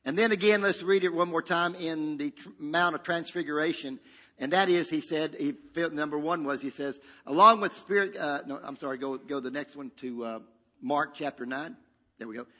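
Male pastor, high voice, bright and forceful, emphatic sermon, call-and-response, long hall reverb. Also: moderate pace.

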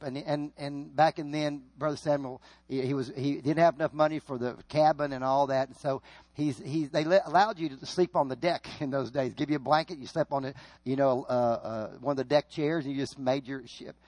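A man preaching a sermon, telling stories that swing from loud, emphatic peaks to hushed asides. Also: fairly high pitch, no room sound. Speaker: pastor.

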